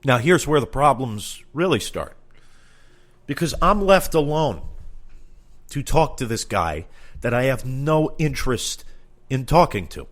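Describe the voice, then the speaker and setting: A man's voice: medium pitch, sing-song, a little slow, pauses often. A man doing a comedic storytelling monologue, exasperated and profane, acting out both sides of the conversations he recounts.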